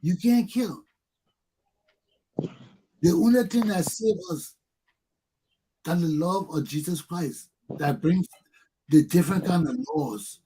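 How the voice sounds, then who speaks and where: A man hosting a talk show who discusses scripture in a preachy, animated way and acts out the quotes he cites. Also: sits high, unhurried, slight background noise. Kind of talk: casual religious discussion.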